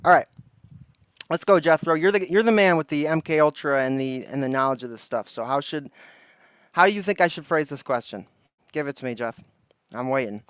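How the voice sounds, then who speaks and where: A man's voice: on the high side, fairly quick, smooth. A man hosting a casual livestream, reading text aloud and chatting loosely with his viewers. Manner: reads lists flatly, then chats loosely with viewers. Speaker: livestream host.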